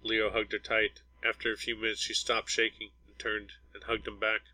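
A man narrating a science fiction audiobook in an even, measured reading. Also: on the low side, no room sound, low-quality recording. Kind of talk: scripted narration.

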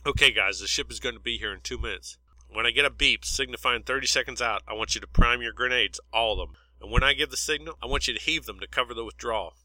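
A man's voice: medium pitch, fairly quick, sharp tone, dry recording, low-quality recording. A man voicing a tough male squad leader under fire, who gives orders in a raised voice. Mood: commanding.

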